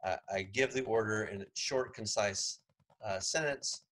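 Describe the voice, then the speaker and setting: A man's voice: fairly low pitch, a little slow, a bit bright, slight background noise, poor audio. A man giving a casual classroom lecture as a psychology professor, chatty, with sarcastic asides and frequent fillers.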